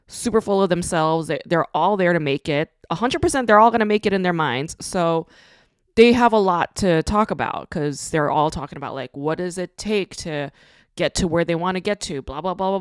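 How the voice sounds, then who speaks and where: Woman podcast host, casual rant, blunt, swears a lot, lowish voice, dry close sound. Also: no room sound. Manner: blunt, ranting, swears freely. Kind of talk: casual monologue.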